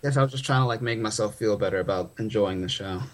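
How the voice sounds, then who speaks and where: A man's voice: lowish voice, fast, crowd noise. A man chatting casually, making dry, wry remarks. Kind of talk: casual chat.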